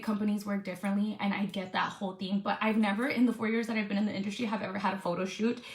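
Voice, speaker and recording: A woman's voice: mid-range voice, a bit bright. Woman influencer, storytime vlog, nervous and upset, roomy echo. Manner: upset, venting with swearing. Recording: echoey room.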